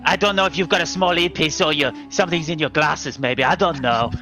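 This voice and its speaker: A man's voice: on the high side, pushed and bright, faint music behind. A man hamming up a theatrical evil wizard. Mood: jokey. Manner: theatrical, jokey, drawn-out phrases. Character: hammy evil wizard, oddly Italian-tinged.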